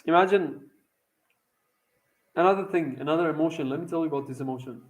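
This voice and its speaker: A young man from Iran, with a voice a little higher than most men's, spins a long personal story straight to the camera. He talks in a loose, excitable, rambling way, full of swearing and "um"s. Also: fast talker, rough recording. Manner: profane, excitable, rambling with fillers. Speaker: vlogger. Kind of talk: casual storytelling monologue.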